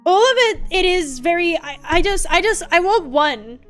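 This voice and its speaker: A high-pitched woman streaming a casual chat, talking in loose, rambling runs that keep stalling and restarting. She is candid and swears freely. Soft music plays faintly underneath. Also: expressive, moderate pace. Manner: rambling, self-interrupting with stammered restarts; candid and profane. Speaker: VTuber streamer.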